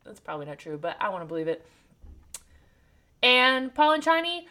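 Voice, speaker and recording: A woman co-hosting a podcast, recapping a book chapter in a jokey, irreverent way and acting out characters in quick voices. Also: fairly high pitch, big pitch swings, sharp tone. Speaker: podcast co-host.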